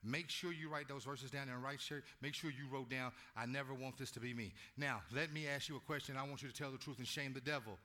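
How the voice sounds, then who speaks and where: Animated preaching man, bright voice. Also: medium pitch, fast, hardly any pauses. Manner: animated preaching that swings from quiet to shouting; casual, call-and-response with the congregation. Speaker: pastor. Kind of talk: sermon.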